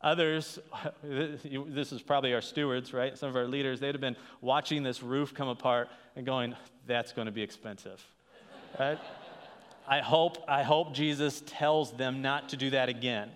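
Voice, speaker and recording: A man's voice: mid-range voice, steady tone, moderate pace. A man preaching a sermon as a pastor, talking in a conversational way with frequent restarts and rhetorical "right?" checks. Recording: long hall reverb.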